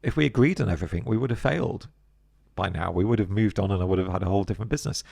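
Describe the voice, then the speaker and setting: A middle-aged British man talking as a podcast guest, telling stories in a casual, animated way and acting out other people's voices. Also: fairly low pitch, rapid-fire, vocal fry, husky, no room sound, clean studio sound. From Britain. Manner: animated, acts out voices of others mid-story. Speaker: podcast guest, business co-founder. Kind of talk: casual interview chat.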